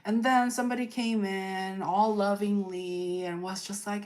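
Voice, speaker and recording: A woman giving a live tarot energy forecast, rambling with many fillers and tag questions, and acting out quoted people in lively voices. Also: mid-range voice, normal speed, hardly any pauses. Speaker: tarot reader.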